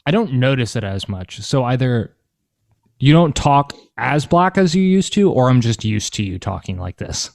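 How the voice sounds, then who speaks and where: An easygoing young man in a mid-pitched voice talks casually, musing and joking with his co-host. His voice sits on a dry, close mic with no room sound. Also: gravelly, dry recording. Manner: relaxed, quick to agree, joking. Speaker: podcast co-host. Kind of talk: casual chat.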